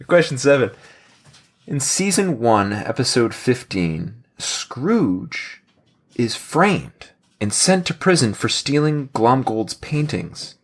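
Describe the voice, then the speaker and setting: A man's voice: mid-range voice, extremely slow, long pauses. A man hosting a casual podcast trivia game, joking around and laughing often. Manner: jokey, laughs often, animated quizmaster delivery.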